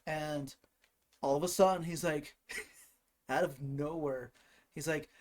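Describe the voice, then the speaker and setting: A man's voice: fairly high pitch, fairly even intonation, takes it slowly. Man telling rambling comedy stories. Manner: rambling, laughs at his own stories, many fillers. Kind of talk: casual comedic storytelling.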